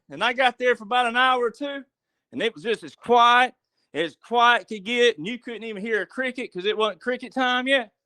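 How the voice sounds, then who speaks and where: A man's voice: high voice, pushed and bright, dry recording, clean studio sound. A man, a podcast guest telling a story and preaching in a folksy way, asking the listener questions. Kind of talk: casual storytelling monologue.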